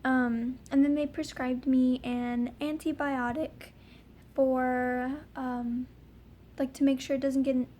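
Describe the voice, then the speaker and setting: A woman's voice: high voice, flat delivery, slow pace, warm tone, a little hiss or hum. A young woman telling a personal story in a casual vlog, rambling with lots of ums and likes. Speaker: vlogger.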